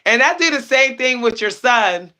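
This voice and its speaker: A woman's voice: a little high, animated, normal speed, sharp tone. A young woman chatting casually on a livestream as a psychic, laughing often and repeating herself for emphasis.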